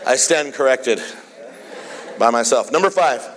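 A man's voice: mid-range voice, animated, unhurried, background noise. A man preaching a sermon as a pastor, repeatedly calling out "Amen?" to the congregation. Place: church hall. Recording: long hall reverb.

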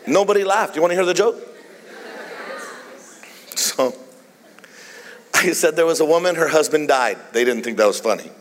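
A man's voice: on the high side, animated, moderate pace, long pauses. A man preaching a sermon, telling jokes and stories in a playful, teasing way as the pastor. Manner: playful, jokey storytelling preacher. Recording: long reverb of a large hall.

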